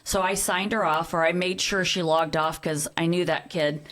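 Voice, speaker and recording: A woman's voice: lowish voice, steady tone, normal speed, a bit bright. A middle-aged woman, a podcast guest, telling a personal story in earnest conversation and acting out the quoted dialogue.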